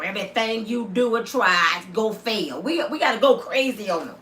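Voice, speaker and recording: Animated woman ranting bluntly in a roomy space. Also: a little high, brisk, hardly any pauses, distant mic. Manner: loud, blunt, animated, with many asides. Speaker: commentator. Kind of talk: comedic opinion rant.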